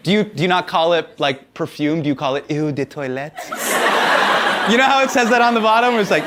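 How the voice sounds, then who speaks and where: A man answering audience questions in a casual comedic Q&A, animated and joking, laughing often. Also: high voice, brisk, very noisy.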